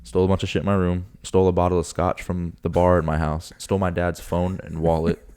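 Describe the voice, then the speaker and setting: A young man from Florida hosts a casual podcast, his voice sitting very low. He rambles through his stories, swears freely and trips over his own restarts as he goes. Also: flat delivery, fast talker, a little mellow, smooth. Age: young adult. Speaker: podcast host. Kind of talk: casual chat.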